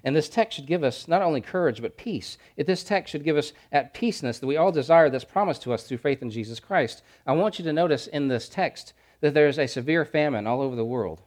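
A man preaching a sermon, building to loud emphatic repeated phrases, then dropping to quiet, soft lines. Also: fairly high pitch, expressive, fairly quick, hardly any pauses. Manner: preaching with swelling emphatic repetition and dramatic drops to quiet. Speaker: pastor.

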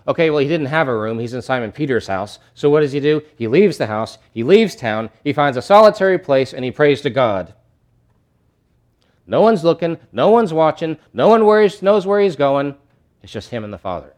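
A male pastor preaching a sermon, animated and conversational, acting out scenes from scripture. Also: medium pitch, moderate pace. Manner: animated, acts out disciples' voices.

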